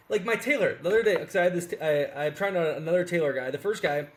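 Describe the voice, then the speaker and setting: A man in his forties, talking bluntly and with plenty of profanity, telling stories in a casual podcast conversation. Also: fairly high pitch. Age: 40s. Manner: fast, blunt, profane storytelling.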